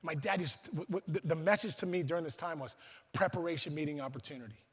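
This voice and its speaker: A man's voice: fairly high pitch, quick pace, slightly rough. A middle-aged man from Pittsburgh gives a storytelling speech at a luncheon. He acts out the voices of the people he quotes and often restarts his sentences. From Pittsburgh, USA. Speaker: guest speaker. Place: large banquet hall. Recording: reverberant banquet hall.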